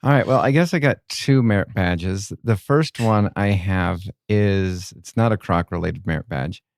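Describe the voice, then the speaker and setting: Casual podcast host, male schoolteacher, low voice, dry mic, animated storyteller. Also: unhurried, creaky, no echo. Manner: storytelling, acting out kids' lines.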